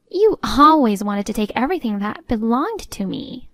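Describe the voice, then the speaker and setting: A woman's voice: a little high, big pitch swings, moderate pace, few pauses, dry recording. Woman narrator, curt and indignant first-person storytelling, dry close recording.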